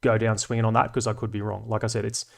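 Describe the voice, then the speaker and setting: A man's voice: lowish voice, level tone, quick pace, gravelly. A man in his thirties with an Australian accent, hosting a casual livestream chat in a laid-back, slangy way with frequent swearing. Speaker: livestream host.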